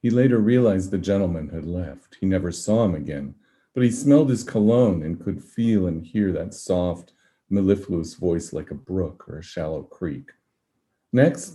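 Male author reading his novel aloud; low, dark, measured. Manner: steady, measured storytelling.

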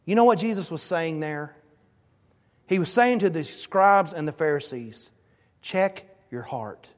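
A male pastor delivers a sermon with a high, bright voice. He tells stories in an animated way, pushing his voice up for emphasis. A long reverb from the church hall hangs on every word. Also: normal speed. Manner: animated storytelling, emphatic rises. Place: church sanctuary.

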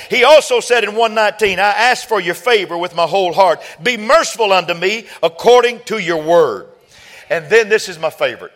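A man preaching a sermon, quoting scripture and building from quiet talk to fervent shouting. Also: high voice.

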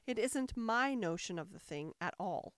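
A woman's voice: mid-range voice, lively intonation, unhurried, no room sound, studio quality, close to an everyday voice. A woman voicing the White Queen, a flustered, untidy, melancholy queen in a storybook reading, with a helpless, groaning manner.

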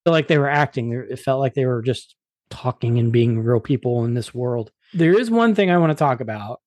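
A man's voice: mid-range voice, animated, a little fast, music in the background. A man hosting a casual movie review chat, talking with enthusiasm and often repeating words as he goes. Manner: enthusiastic, frequent word repeats. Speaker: podcast host.

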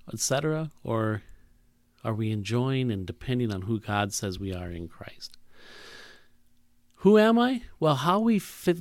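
A man's voice: medium pitch, no echo, studio quality. A man preaching a sermon in a reflective way, asking rhetorical questions and restarting his sentences often.

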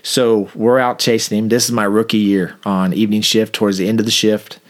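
Wry, low-voiced storytelling man. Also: flat delivery, fairly quick. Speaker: former police officer. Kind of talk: anecdotal interview storytelling.

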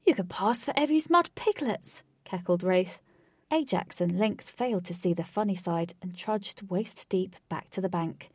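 A woman narrating a storybook in a steady, descriptive reading. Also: on the low side, no room sound, clean studio sound.

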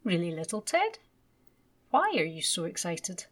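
A drowsy young mother speaking mildly and slowly, as a woman puts her on, gently teasing her child. The voice is soft and a little breathy. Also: lowish voice, huge pitch swings, full character voice. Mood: gentle.

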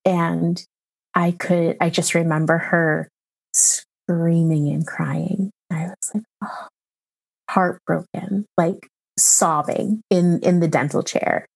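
Slow, gravelly-voiced mother telling her story. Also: fairly low pitch, steady tone. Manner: emotional, halting, fills with um. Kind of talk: personal account in an interview.

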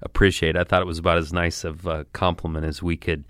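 A man's voice: deep voice, flat delivery, fast, a bit bright, no room sound, studio quality. A man co-hosting a podcast in casual chat, easygoing and appreciative in tone. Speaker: podcast co-host.

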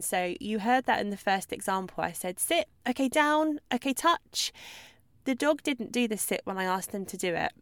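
A woman hosting a solo podcast as a dog trainer, talking in a chatty, lively way and acting out examples. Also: a little high, no echo. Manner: chatty, animated, acts out babbling owner voices.

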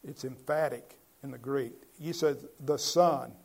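A man's voice: mid-range voice, unhurried, gravelly, darkish tone. A man preaching a Bible-teaching sermon in a conversational way, asking his listeners questions and building to emphatic points.

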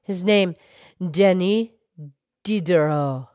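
A woman voicing a gentle female cow who calmly explains history on a children's show. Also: lowish voice, slow pace, dry recording, studio quality. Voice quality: calm, explanatory, hesitant restarts. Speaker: co-host, explainer.

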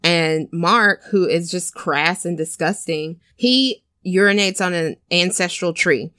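A woman's voice: on the low side, slow pace, pushed and bright, clear, resonant tone, no room sound, studio quality. A woman hosting a casual podcast chat, animatedly retelling a film's plot and acting out the characters' lines with cursing and laughter. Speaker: podcast co-host retelling a film.

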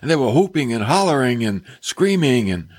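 A man preaching a sermon in an earnest, exclamatory way, sometimes dropping to soft near-whispers. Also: mid-range voice, sing-song, normal speed, no echo.

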